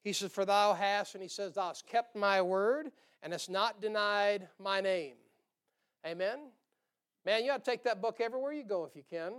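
A man's voice: high voice, normal speed, fairly bright tone, clear, resonant tone. A male pastor preaching a sermon in a folksy, joking way, chuckling and firing rhetorical questions at the congregation. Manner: chuckles between points.

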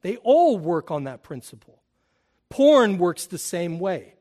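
A man preaching a sermon, swinging from hushed, quiet stretches to loud, impassioned appeals. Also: high voice, big pitch swings, slow pace. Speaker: pastor.

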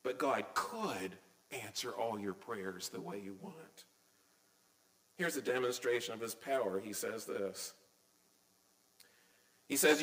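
A man's voice: on the low side, takes it slowly, long pauses, fairly bright tone, reverberant, poor audio. A middle-aged man preaching a sermon as a pastor, earnest and emphatic, with many rhetorical questions.

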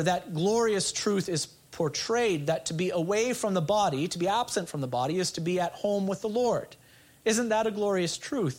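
A man's voice: sits high, a little mellow. A male pastor preaching an expository sermon, earnest, asking the congregation rhetorical questions.

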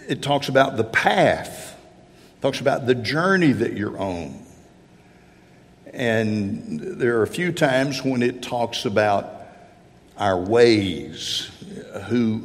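A man preaching a sermon, slow and halting, with repeated words and stresses on key phrases. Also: medium pitch. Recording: long reverb of a large hall.

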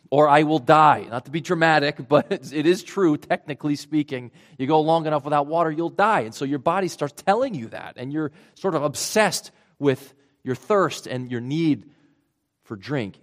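A man with a Rhode Island accent delivers a sermon. He keeps it conversational, breaking each idea down step by step and adding asides along the way. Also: mid-range voice. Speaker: pastor.

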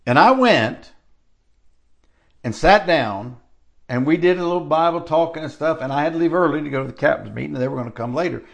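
A man's voice: fairly high pitch, animated, fairly quick, vocal fry. An older man preaching a sermon in a conversational, storytelling way, stretching out key phrases for emphasis.

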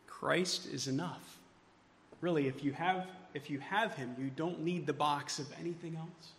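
A male pastor delivers a sermon in a high, bright voice that carries a long reverb around him. He swings between hushed, tender passages and loud, emphatic declarations. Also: unhurried, a little hiss or hum.

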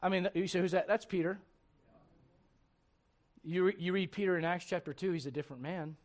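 Pastor, male, high voice, lively preaching with jokes and acted quotes. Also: brisk. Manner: animated, humorous, laughing asides, acts out quotes. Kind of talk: sermon.

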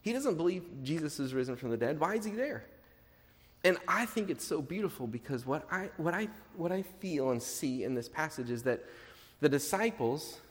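Male pastor, lively pitch, conversational sermon, long hall reverb. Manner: conversational, jokey, emphatic repetition.

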